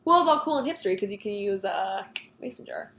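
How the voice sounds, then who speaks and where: A woman's voice: medium pitch, lively intonation, quick pace, a bit bright. A woman co-hosting a podcast in bubbly casual chat. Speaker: podcast co-host. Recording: echoey room.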